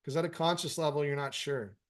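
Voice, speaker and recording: A man's voice: fairly high pitch, steady tone, fairly quick. A man hosting a meditation Q&A, chatting casually and swearing freely as he answers viewer comments. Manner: frank, profanity-laced, encouraging. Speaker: meditation teacher and host.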